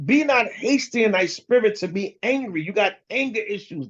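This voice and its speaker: A man's voice: very high voice, animated, normal speed, fairly bright tone. A man preaching a casual, slangy scripture lesson, blunt and emphatic, talking straight to his listeners. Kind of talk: casual street-style sermon. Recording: dull lo-fi recording.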